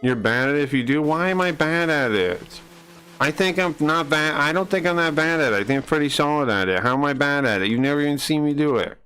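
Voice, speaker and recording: A man streaming live, answering chat in a combative, mocking and crude way, sometimes dropping to low mutters. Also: fast talker, a bit bright. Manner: drops to low muttering asides. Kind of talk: casual live-stream rant.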